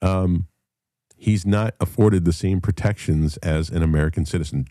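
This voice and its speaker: A man's voice: deep voice, fairly even intonation, normal speed, mellow, dry recording, studio quality. A middle-aged man hosting a podcast, telling a story in a heated, profane monologue. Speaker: podcast host. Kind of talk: casual monologue.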